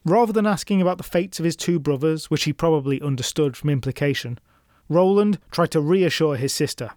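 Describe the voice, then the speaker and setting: A man's voice: on the high side, brisk, darkish tone, no echo. Dry-voiced man narrating a fairy tale. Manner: dramatic with wry asides. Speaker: storyteller host. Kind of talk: scripted folklore narration.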